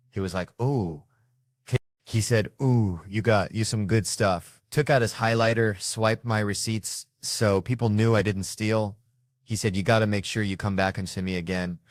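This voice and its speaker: A man's voice: fairly low pitch, no echo, clean studio sound. A man doing stand-up, telling a profane story and acting out the people in it. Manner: animated, profane, acts out characters. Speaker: stand-up comedian.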